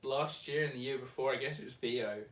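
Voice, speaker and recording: A man's voice: mid-range voice, fairly quick. Rambling young Englishman in a roomy space. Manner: rambling, hedging, laughs often. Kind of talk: casual chat. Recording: roomy, distant mic.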